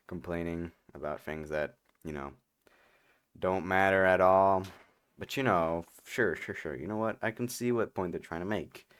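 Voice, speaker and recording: Low voiced dude ranting casually, sarcastic, loads of "like" and "you know". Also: male voice, no echo. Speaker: commentary host. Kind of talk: casual reaction commentary.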